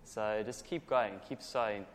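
A man from South Africa with a South African accent, preaching a jokey, lively sermon and having the congregation repeat scripture lines. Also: lowish voice, unhurried. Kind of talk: sermon with call-and-response scripture reading. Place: church hall. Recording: long echo of a large hall.

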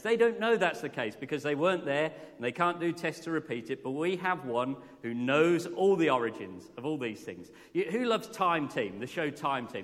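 A man's voice: fairly high pitch, fairly bright tone. A man preaching a morning sermon in an earnest, conversational way, often putting questions to the congregation. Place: church during a morning service. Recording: long reverb from a church hall.

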